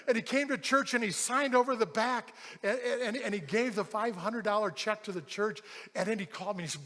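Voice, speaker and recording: High-voiced pastor in an echoing hall. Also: male voice, a little fast. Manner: animated storyteller, acts out quoted voices. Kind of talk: storytelling sermon. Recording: large hall with long reverb.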